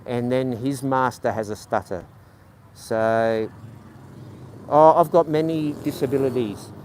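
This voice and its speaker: Faint street noise trails a man livestreaming as he walks through the city, his medium-pitched voice slightly mellow and measured. He stutters, rambles full of ums, and responds to his chat with sarcasm.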